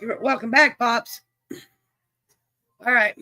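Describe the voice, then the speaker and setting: A man's voice: very high-pitched, steady tone, takes it slowly, bright, forceful tone, no echo. A man hosting a livestream game, chatting in a folksy way and greeting viewers by name. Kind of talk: casual livestream chat, reading viewers' names.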